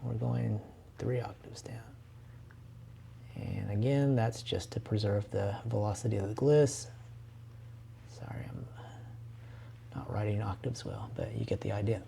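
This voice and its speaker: A man's voice: lowish voice, normal speed, creaky, long pauses, warm tone, a little hiss or hum. A man, a composer, explaining orchestration casually in a screen-share lesson, thinking aloud with fillers and restarts.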